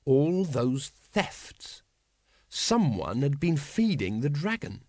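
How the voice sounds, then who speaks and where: A man narrating an audiobook in a measured, wry storytelling manner. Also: fairly high pitch, big pitch swings, a little mellow, dry recording, clean studio sound.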